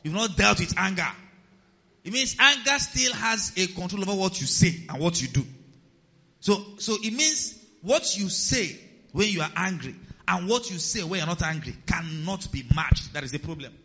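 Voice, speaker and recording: A man's voice: high-pitched, normal speed, in a large hall, lo-fi sound. A man preaching a sermon as pastor, humorous, acting out quotes in different voices. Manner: lively, humorous, acts out quotes.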